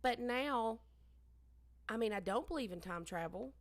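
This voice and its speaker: A woman co-hosting a podcast, telling stories in a chatty, animated way. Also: fairly high pitch, unhurried, no room sound. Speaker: podcast co-host. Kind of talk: casual chat.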